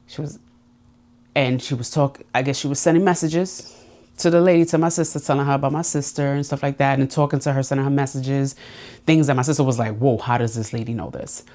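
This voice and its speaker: On her own podcast, a woman with a warm bass voice shares a heartfelt monologue on personal growth. Her delivery is confiding and at times emotional.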